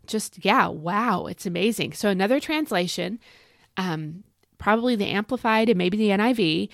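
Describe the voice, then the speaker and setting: Chatty, gravelly woman teaching Scripture. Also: mid-range voice, animated, normal speed, no echo, studio quality. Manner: chatty, folksy, repeats phrases for emphasis. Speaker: podcast host and Bible teacher. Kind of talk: casual devotional teaching. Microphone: home recording.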